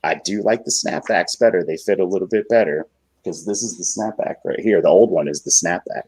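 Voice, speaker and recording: A man's voice: sits low, a little fast, a little mellow, slightly rough. A man co-hosting a casual wrestling review show, teasing the others in a laid-back way. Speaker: podcast co-host.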